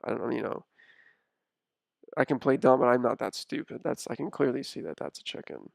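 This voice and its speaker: A man's voice: medium pitch, brisk, gravelly, no room sound, studio quality. A man streaming from a room at home, talking in a rambling, stammering, mock-indignant way. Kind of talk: casual comedic stream chat.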